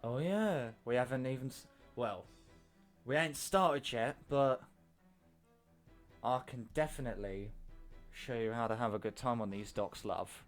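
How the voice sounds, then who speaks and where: A man's voice: mid-range voice, a little slow, long pauses, close to an everyday voice. A man voicing a smarmy Cockney gang boss on the docks, sly and leering, with faint music behind. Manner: leering, sly, calls people love.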